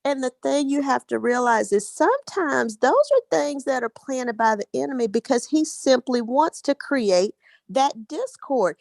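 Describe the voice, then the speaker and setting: A woman's voice: high-pitched, sing-song, a little slow, vocal fry, a little mellow, no room sound. A woman in a group discussion, speaking in an earnest, reflective way. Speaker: group member. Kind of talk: casual discussion.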